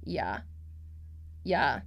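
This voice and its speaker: A woman's voice: sits low, very animated, extremely slow, vocal fry, muffled recording. A young woman hosting a casual podcast, reading out online posts and reacting bluntly and sarcastically, swearing freely. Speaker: podcast host.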